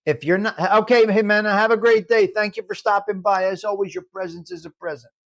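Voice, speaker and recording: An older man talks in a high voice for a man. He rambles through a casual live stream, brash and profane, swearing freely. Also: steady tone, a little fast, gravelly. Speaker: livestream host.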